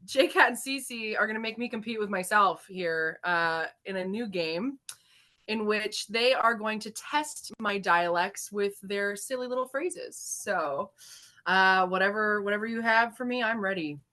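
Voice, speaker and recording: A young woman co-hosting a playful chat, giggly and quick to burst into laughter. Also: medium pitch, sharp tone. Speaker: podcast co-host. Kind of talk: playful chat, trying out accents on cue.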